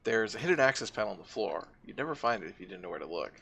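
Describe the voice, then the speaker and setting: A regretful woman engineer from a video game, read out by a man. The voice is low and heavily gravelly, hesitant and plain, with little put-on character. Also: very animated, very fast, slight background noise, heavily acted. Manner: hesitant, quietly reads the game's dialogue aloud. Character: regretful woman engineer who built a trap.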